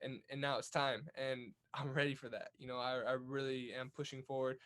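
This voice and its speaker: A man's voice: mid-range voice, little pitch movement, a little fast, fairly bright tone. A young man from California's Central Valley, a guest telling stories in a casual interview, upbeat with many restarts. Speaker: guest, Olympic boxer.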